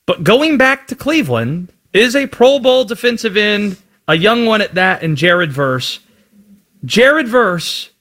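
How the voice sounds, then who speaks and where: Guy hosting a sports show, bit high, lively up and down voice, conversational. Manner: conversational, tosses segments to the co-host. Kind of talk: sports talk, segment hosting.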